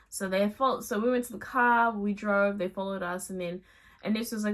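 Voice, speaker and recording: A young adult woman vlogger casually telling a storytime tale, chatty and animated, with slangy asides. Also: mid-range voice, fairly quick.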